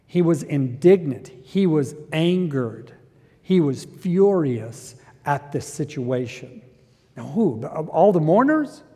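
High-voiced man preaching in a reverberant hall. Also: big pitch swings, takes it slowly, breathy edge. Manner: builds from quiet reflection to loud impassioned preaching. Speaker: pastor. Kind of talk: sermon.

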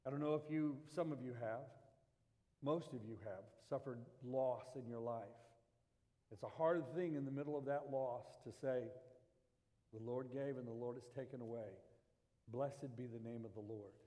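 A man's voice: mid-range voice, normal speed, warm tone, big-room sound. A man preaching a Sunday sermon, reading scripture and rising to impassioned pleas. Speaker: pastor.

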